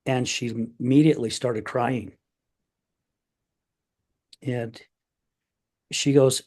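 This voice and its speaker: A man's voice: medium pitch, slow pace, long pauses, darkish tone. A middle-aged man hosting a podcast, telling a heartfelt family story in casual chat, getting emotional and acting out the voices of his family. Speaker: podcast host.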